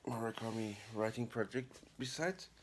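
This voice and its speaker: A man's voice: medium pitch, moderate pace, slight background noise. A middle-aged man vlogging casually to camera, chatty and upbeat with a rambling way of talking. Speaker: vlogger and writer. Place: apartment living room.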